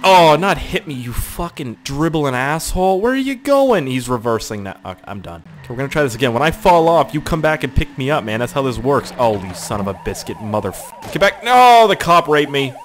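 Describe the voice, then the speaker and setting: A young man giving excitable let's play commentary into a desk mic. His pitch is very lively and keeps jumping into high yelps between quick, swearing remarks. Faint noise runs under the voice. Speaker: gaming channel host.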